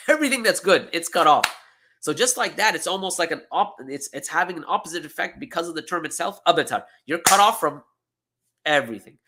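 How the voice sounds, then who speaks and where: A man's voice: fairly high pitch, a little fast, noisy background. A man giving a classroom lecture on scripture, explaining step by step, often asking "okay?" and "right?", and repeating words for emphasis. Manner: repeats words for emphasis, self-corrects mid-sentence.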